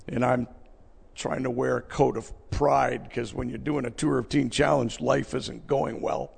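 A middle-aged man giving an emotional personal testimony to a live audience, telling his story earnestly and swinging between hushed and loud. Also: mid-range voice, steady tone, unhurried, creaky, husky. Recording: long reverb of a large hall.

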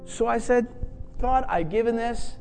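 A man's voice: very high-pitched, unhurried, gravelly, darkish tone, soft background music. A man preaching, telling a personal story and acting out the voices of the people in it. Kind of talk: sermon storytelling.

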